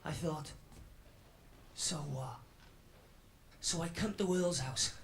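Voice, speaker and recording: Slow and on the high side, this man's voice has vocal fry and a little hiss or hum. For a radio drama, an actor plays a defiant, edgy stand-up comic in his 20s with a Welsh accent, doing a swaggering routine.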